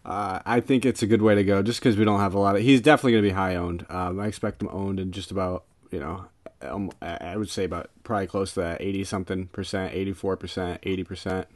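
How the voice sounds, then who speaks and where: A man with a fairly low voice talks eagerly on a casual sports podcast. He is emphatic and fills gaps with ums and uhs. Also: steady tone, fast. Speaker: podcast co-host. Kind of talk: casual sports betting chat.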